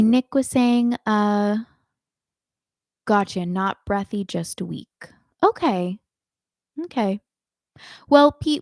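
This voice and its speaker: A woman singing teacher answering viewers' chat questions in a live online lesson, thoughtful and unhurried, with many ums and restarts. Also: medium pitch, a little mellow, no echo, clean studio sound.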